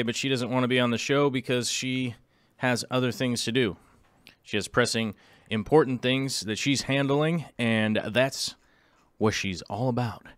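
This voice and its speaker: A man's voice: medium pitch, a bit bright, smooth, no room sound. A man hosting a live stream in a goofy, playful, rambling way, chatting casually to his viewers. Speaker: livestream host. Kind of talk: casual livestream chat.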